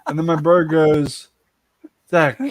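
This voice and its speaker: Man from Ireland, casual livestream storytelling, slightly high voice, dry sound. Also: little pitch movement, a little slow, no room sound. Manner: rambling anecdote, laughing, acting out voices. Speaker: livestream host.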